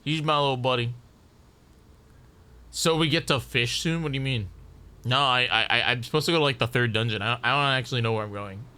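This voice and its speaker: Male streamer, loose rambling talk full of restarts, bright and crisp. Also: medium pitch, a little fast, long pauses. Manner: rambling, stacks repeated restarts. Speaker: game streamer. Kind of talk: casual live-stream chat.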